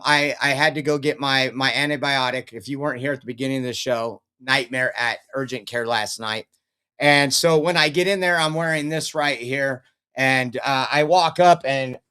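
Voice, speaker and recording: A man's voice: a little high, bright, forceful tone. A man hosting a political commentary show, telling rambling anecdotes in a casual, chatty way.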